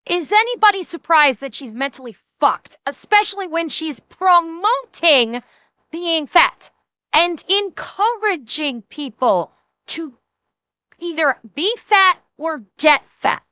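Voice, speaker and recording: A woman's voice: extremely high pitch, expressive, slow, bright, forceful tone, no echo. Blunt, swearing woman streamer. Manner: blunt, sarcastic, swears a lot. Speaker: reaction streamer. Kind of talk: profane reaction commentary.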